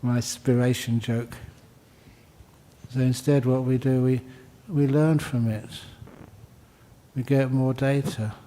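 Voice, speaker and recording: Mellow older monk giving a joking dharma talk. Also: male voice, medium pitch, fairly even intonation, slow, long pauses, slight background noise. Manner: joking, conversational, repeats phrases for emphasis. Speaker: Buddhist monk teaching meditation. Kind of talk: dharma talk answering questions.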